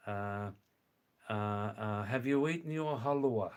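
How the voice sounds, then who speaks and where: Slow-talking man, chatty. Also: mid-range voice. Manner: slow, chatty, sprinkles words from several languages. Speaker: livestream host. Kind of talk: casual livestream chat.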